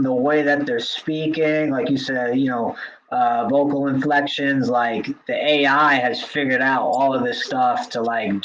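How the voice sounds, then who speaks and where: A man's voice: medium pitch, a bit bright, muffled recording. A man co-hosting a podcast, who also teaches drums, chatting casually with many filler likes and restarts. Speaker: podcast co-host; drum teacher.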